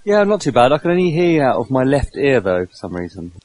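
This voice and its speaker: English man, playful guest bit, bouncy lively delivery, mid-pitched. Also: fast, no room sound. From England. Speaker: guest, spouse of a host.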